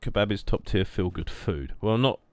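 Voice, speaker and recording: A young man with a deep, low voice chats idly over his gameplay. He rambles, cracks jokes and answers his viewers in an easygoing monotone. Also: moderate pace, slight background noise. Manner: rambling, jokey, reacting to chat. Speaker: streamer. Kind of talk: casual gameplay stream chat.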